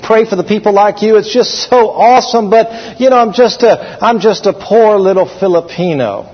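A man's voice: high voice, normal speed, slightly rough, pitched above the performer's own voice. A man voicing a humble, self-doubting Filipino man who turns indignant. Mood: pleading humble. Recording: echoey hall, dull sound.

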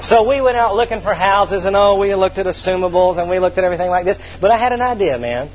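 A man's voice: high-pitched, expressive, quick pace. A man in his thirties preaching a sermon, emphatic and storytelling, repeating his key phrases for effect. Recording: dull lo-fi recording with faint hum.

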